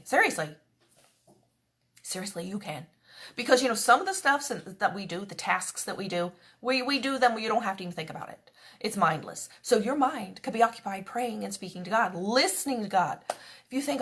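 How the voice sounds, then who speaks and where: A woman's voice: mid-range voice, animated, a little fast, a bit bright. A woman giving a conversational devotional talk, chatty and earnest, slipping into little quoted prayers as she teaches. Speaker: devotional speaker.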